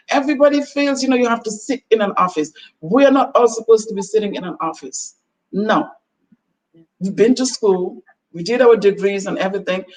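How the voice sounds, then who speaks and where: A woman with a high-leaning, darkish voice, from Gambia, gives preachy, earnest counsel as a guest on a motivational talk show panel. She dramatizes quoted conversations. Recording comes from a distant mic with a little background noise.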